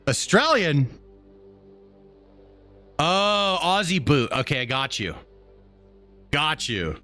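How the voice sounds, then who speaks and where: Casual male streamer, relaxed chatter with chat, slightly higher voice, faint music underneath. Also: slow, long pauses. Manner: laid-back, chuckling, talks to chat.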